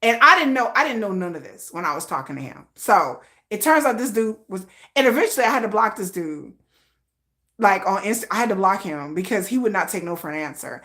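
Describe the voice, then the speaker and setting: A woman hosting a casual livestream from home, telling a story in animated, slangy talk and acting out the voices of other people. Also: mid-range voice, fairly quick. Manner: animated, slangy, acts out quoted voices with laughs. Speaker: livestream host.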